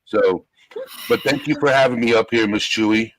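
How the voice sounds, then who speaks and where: A man's voice: mid-range voice, normal speed, crowd noise, low-quality recording. A man from the American South, a guest on a casual livestream chat, who laughs often while telling stories. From Southern United States.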